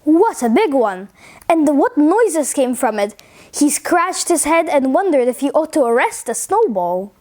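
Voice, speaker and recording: A woman reading a funny children's story aloud in an expressive, playful way. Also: high voice, a little slow.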